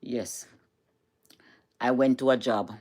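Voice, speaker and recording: In a rumbling low, steady, slightly mellow voice, a middle-aged Jamaican woman speaks slowly to camera in a home vlog. Her Jamaican accent comes through as she chats, says things more than once, and lapses into patois.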